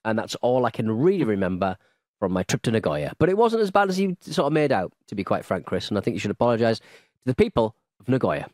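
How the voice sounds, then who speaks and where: A man co-hosting a podcast, his pitch swinging up and down as he banters. The sound is dry and close, with no room around his voice, and he rambles playfully through his points. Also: sing-song, quick pace, a little mellow, dry recording. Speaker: podcast co-host. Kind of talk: casual podcast chat.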